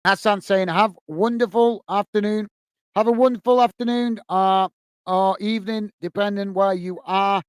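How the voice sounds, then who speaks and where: A man hosts a casual football live stream and reads out viewer messages one by one. His voice sits fairly high and comes through smooth and close on a dry mic. He thanks everyone warmly and calls each viewer "mate". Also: steady tone, moderate pace, dry recording. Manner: friendly, repeats thanks and "mate" often. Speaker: football fan channel host reading live chat.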